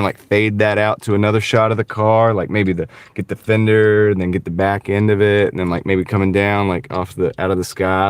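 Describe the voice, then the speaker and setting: A man's voice: fairly low pitch, clear, resonant tone, no room sound. A young man with a Southern US accent chatting casually on a livestream while driving deliveries, rambling and saying "like" and "dude" a lot, recorded in his van on a clip-on mic. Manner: rambling, says "like" and "dude" often. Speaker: delivery driver streaming. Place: inside a van. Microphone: wireless clip-on mic.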